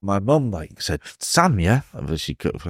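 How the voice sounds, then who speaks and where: A man with an English accent, a professional wrestler telling stories in a casual interview, animated and chuckling often. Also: low-pitched, measured pace, husky, no room sound, clean studio sound. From England.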